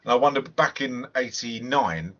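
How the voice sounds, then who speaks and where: A man's voice: medium pitch, expressive, moderate pace, a bit bright. A man hosting a casual film review podcast, talking in a chatty, hesitant way. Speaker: podcast host. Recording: lo-fi podcast audio.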